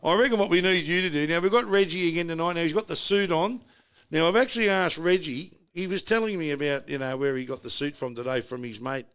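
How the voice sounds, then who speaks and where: A man's voice: fairly high pitch, quick pace, fairly bright tone, smooth. Casual australian man hosting a pub podcast, rambling and jokey. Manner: jokey, rambling, banter-heavy. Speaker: podcast host. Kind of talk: casual chat. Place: pub, indoors.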